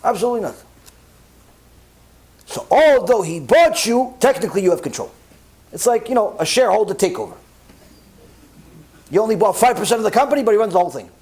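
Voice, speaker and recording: Animated rabbi with a high, lively voice. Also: male voice, fast talker, pauses often. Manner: animated, acts out both sides of dialogues; uses Hebrew religious terms. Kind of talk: Torah class sermon.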